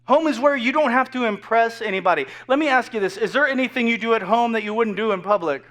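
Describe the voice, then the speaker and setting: A man's voice: very high voice, fast talker, fairly bright tone. A man in his thirties preaching a casual, joking sermon full of asides to the congregation. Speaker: pastor. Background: faint crowd.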